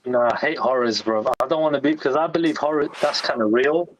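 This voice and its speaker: A man's voice: medium pitch, quick pace, a loud crowd. A man chatting casually, enthusiastic and sweary, laughing easily as he talks. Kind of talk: casual chat. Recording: dull lo-fi sound.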